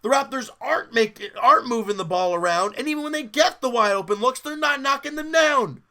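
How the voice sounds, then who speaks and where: Bright-voiced fan venting about basketball. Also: male voice, very high voice, lively intonation, a little fast. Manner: candid, exasperated fan talk with restarts. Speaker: sports podcast host. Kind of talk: casual live game commentary.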